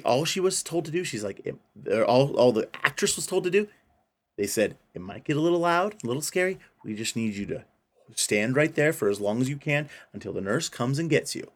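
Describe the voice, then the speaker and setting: A man's voice: mid-range voice, lively intonation, moderate pace. A man co-hosting a casual podcast, retelling a film's plot and acting out the characters' lines. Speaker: podcast co-host. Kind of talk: casual chat retelling a film.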